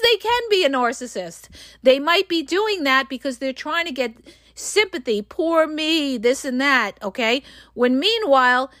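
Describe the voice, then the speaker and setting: A woman's voice: high-pitched, fairly bright tone, dry recording, studio quality. A woman hosting a solo advice podcast as a relationship coach, talking directly and emphatically to her listeners and often checking in with "okay?".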